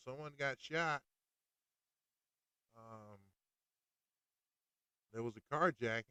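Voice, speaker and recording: A man hosting a podcast, ranting in an animated, exasperated way while recording outdoors. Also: fairly high pitch, clean tone, no echo. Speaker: podcast host. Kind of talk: casual ranting monologue.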